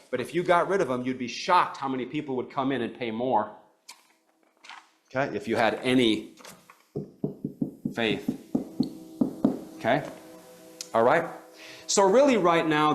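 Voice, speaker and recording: A middle-aged man leads a live coaching seminar, his voice sitting a little high. He talks animatedly and tosses "okay?" in after nearly every point. He calls on people in the room and asks them direct questions. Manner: animated, keeps checking in with "okay?". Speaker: practice coach. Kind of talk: live training seminar talk.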